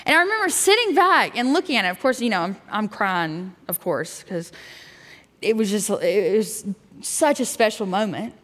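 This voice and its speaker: A woman's voice: fairly high pitch, expressive, moderate pace, fairly bright tone. A woman youth pastor giving a sermon and telling a personal story in a candid way, with fillers and restarts. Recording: long hall reverb.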